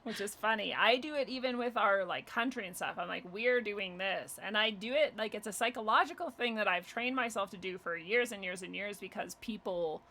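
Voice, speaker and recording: Bright, animated woman in casual chat. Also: medium pitch, a little fast, hardly any pauses, low-quality recording. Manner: animated, laughing often, acts out quoted voices. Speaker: podcast guest.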